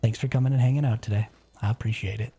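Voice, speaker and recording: A man's voice: mid-range voice, steady tone, racing, gravelly, dark tone, breathy edge, soft background music. A man streaming a survival game live, chatting casually, reacting aloud and answering his viewers. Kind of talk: casual live gameplay commentary.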